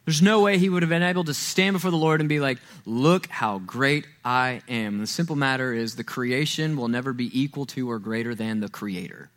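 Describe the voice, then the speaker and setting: A male pastor delivers a sermon in a church, casual and conversational in tone. He slips into playful quoted voices and pushes his voice up and louder on key points. His voice sits at an ordinary middle pitch. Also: fast talker, hardly any pauses. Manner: conversational, acts out quoted voices, rises loud and high when stressing. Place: church sanctuary.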